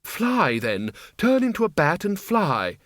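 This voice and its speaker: A man voicing a mild-mannered undead old man who reasons calmly through problems. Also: sits high, slow, no room sound, clean studio sound, pitched above the performer's own voice, exaggerated voice. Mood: insistent.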